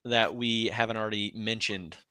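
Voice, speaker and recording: A young man co-hosting a casual movie podcast, chatty and quick to laugh, sometimes quoting lines in a growly voice. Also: fairly low pitch, steady tone, bright, forceful tone, clear, resonant tone, no room sound, studio quality. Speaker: podcast co-host. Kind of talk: casual movie review chat.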